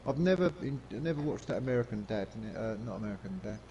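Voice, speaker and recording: A man's voice: mid-range voice, lively intonation, fast, warm tone, slight background noise. A young man bantering with his mates on a game stream, teasing and swearing. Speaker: gamer chatting on stream. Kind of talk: casual chat.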